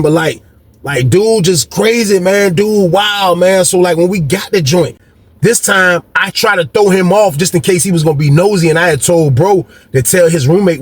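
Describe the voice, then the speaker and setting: A man's voice: high-pitched, dry recording. A man casually telling a story from his past in slangy, profane talk, repeating himself often.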